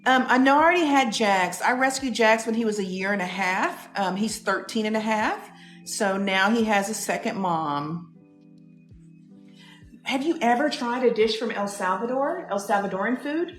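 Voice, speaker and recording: A woman's voice: medium pitch, normal speed, fairly bright tone, reverberant, soft background music. A woman co-hosting a casual live stream from a home kitchen, chatting and reading out viewers' comments. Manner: chatty, laughing, greets viewers.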